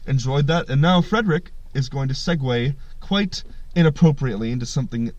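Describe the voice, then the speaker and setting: A man's voice: medium pitch, brisk, no echo, highs cut off. Male podcast host, loose and profane storyteller, close dry sound. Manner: animated, swearing, jumps into voices. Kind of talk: casual storytelling chat.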